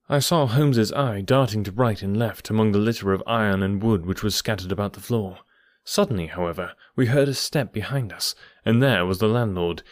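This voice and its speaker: A man reading an audiobook in measured storytelling narration. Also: fairly low pitch, dry recording, studio quality. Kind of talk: scripted narration.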